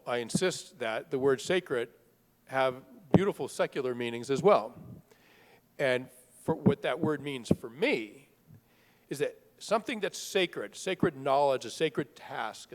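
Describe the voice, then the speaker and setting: Middle-aged man telling a story in a hall. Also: mid-range voice. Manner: conversational, halting with fillers and restarts. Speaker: author speaking at a book festival. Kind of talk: storytelling talk to an audience. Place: large hall at a live event. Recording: long reverb of a large hall.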